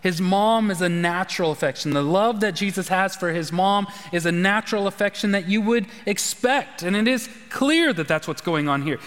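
A man, preaching a conversational sermon as a pastor, sometimes sinking to a hushed, intense delivery. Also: high voice, moderate pace, hardly any pauses. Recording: long hall reverb.

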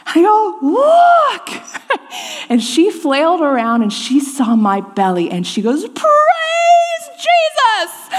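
Woman in her 30s preaching, chatty storytelling, kinda high voice, big reverby hall. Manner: conversational storytelling, many filler "like"s and restarts. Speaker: speaker giving a sermon. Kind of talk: sermon with personal story.

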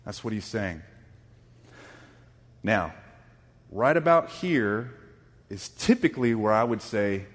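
A man preaching a sermon as pastor, reading scripture dramatically and rising to loud, emphatic bursts. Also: lowish voice, animated, moderate pace, long pauses, in a large hall. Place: church sanctuary.

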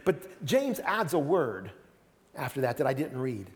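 A man's voice: a little high, lively intonation, moderate pace. Man preaching in a reverberant hall. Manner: earnest, repeats words when starting sentences, chuckles now and then. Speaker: pastor. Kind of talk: sermon.

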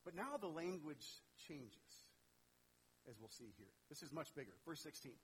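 A man delivers a sermon in a relaxed, conversational style, asking his listeners questions and slipping into voices for the people in his story. His speaking voice sits high for a man. A faint hiss runs under the recording. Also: normal speed, poor audio. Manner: conversational, asks the audience questions, acts out voices. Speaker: pastor.

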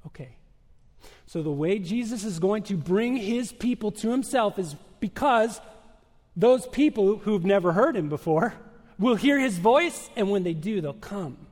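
A male pastor preaching a sermon with emphatic, measured delivery, rhetorical questions and dramatic pauses. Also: high voice, darkish tone, long reverb tail.

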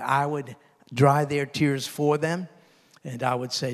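An older man preaching a sermon who talks earnestly and drops low and soft when he quotes tender words. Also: fairly even intonation, measured pace. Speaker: pastor. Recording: long reverb.

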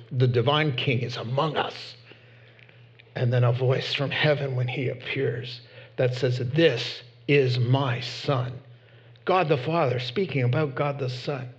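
A man preaching a sermon in an animated, emphatic way, with sudden loud bursts. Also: on the high side, lo-fi sound. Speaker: pastor.

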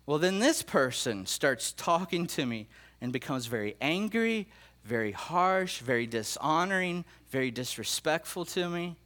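A middle-aged pastor with a highish, slightly bright voice recounts prophetic dreams during a sermon in an unhurried, sing-song way. He is earnest and emotional, frequently repeating himself and starting phrases over.

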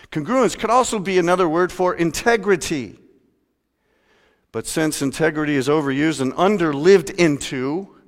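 A male pastor preaching a sermon, talking conversationally and swinging between loud emphasis and quiet asides. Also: on the high side. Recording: long hall reverb.

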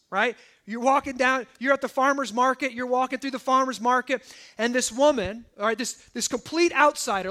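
Bright, high-voiced male preacher. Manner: conversational, peppers points with "right?" and "okay?". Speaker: pastor. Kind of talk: sermon.

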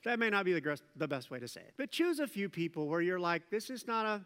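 A man's voice: high voice, fast talker, clear, resonant tone, in a large hall. A middle-aged male pastor preaching a sermon, retelling a story with playful jokes and asides. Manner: animated storytelling with joking asides.

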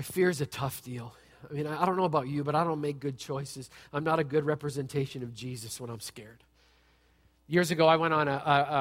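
A man giving a sermon as a pastor, with an animated, conversational delivery that jokes and asks the audience questions. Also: a little high. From United States. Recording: long reverb from a large hall.

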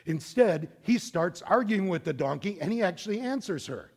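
A middle-aged man preaching a sermon, telling a story in an animated, conversational way. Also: high-pitched, moderate pace. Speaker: pastor.

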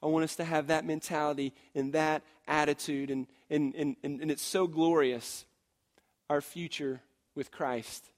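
High-voiced pastor guy preaching, gets loud and punchy then drops soft for stories, lots of "and, and" restarts. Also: fairly even intonation, unhurried. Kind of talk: sermon.

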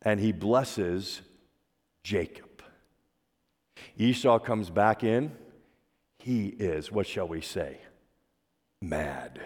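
A man's voice: on the low side, animated, very slow, pauses often. A man preaching a sermon, retelling a story conversationally and asking his listeners rhetorical questions. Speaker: pastor. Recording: long reverb of a large hall.

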